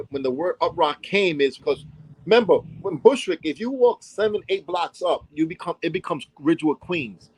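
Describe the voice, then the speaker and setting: A man's voice: on the high side, poor audio. A man with a New York accent from Brooklyn, telling old stories in an interview, acting out voices and often asking "you know what I'm saying?". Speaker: interview guest, hip hop dance pioneer. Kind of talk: storytelling interview.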